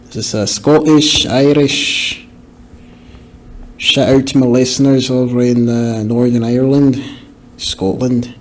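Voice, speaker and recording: A man hosting a podcast, giving casual movie commentary with joking, chatty asides. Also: medium pitch. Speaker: podcast host.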